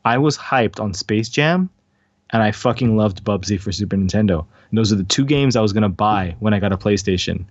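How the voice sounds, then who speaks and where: A man's voice: on the low side, a little fast, dry recording, muffled recording. A man joking around in casual, profane banter while he interviews his guest. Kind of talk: casual chat.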